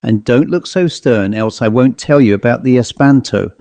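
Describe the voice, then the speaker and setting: A man's voice: medium pitch, moderate pace, warm tone, dry recording, natural voice. A man voicing a boastful, fanciful young male office clerk who talks in a sly, teasing way.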